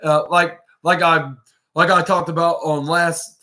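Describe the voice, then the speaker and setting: Man, podcast host, high voice, rambling casual recap, animated retelling. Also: unhurried. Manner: rambling play-by-play with many restarts and fillers; animated, acts out quoted lines. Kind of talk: casual wrestling episode recap.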